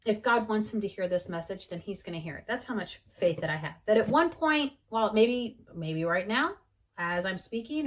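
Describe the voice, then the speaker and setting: A woman in her forties speaks in a chatty, earnest tone in a personal vlog. Her voice sits at a middle pitch, and her talk is full of fillers and restarts. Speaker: vlogger sharing her conversion story.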